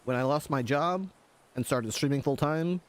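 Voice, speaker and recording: A man's voice: on the high side, normal speed, a little hiss or hum. A man streaming full time, chatting candidly and self-deprecatingly with his audience, breaking into laughs. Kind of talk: casual stream chat.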